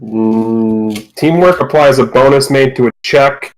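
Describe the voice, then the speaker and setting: A man narrating as game master of a tabletop game, relaxed and with many fillers. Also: mid-range voice, slow, poor audio.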